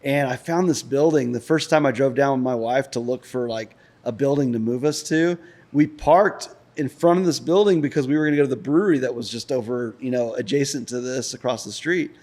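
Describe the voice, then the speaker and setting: A man's voice: mid-range voice, fairly quick, a little mellow. A man talking casually as a podcast guest, speaking in loose, rambling sentences with many fillers, recorded inside an old industrial building. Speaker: guest, pipe business founder.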